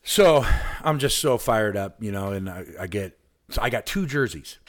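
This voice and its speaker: A man from Alaska, a podcast guest, telling a long, excited anecdote in casual chat and acting out the people in it. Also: lowish voice, normal speed. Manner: excited, rambling anecdote with lively quoted voices.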